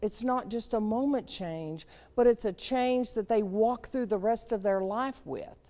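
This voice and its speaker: A woman leadership trainer giving a live seminar talk, with slow, questioning, storytelling delivery and a gravelly voice. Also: on the high side, mellow, in a large hall.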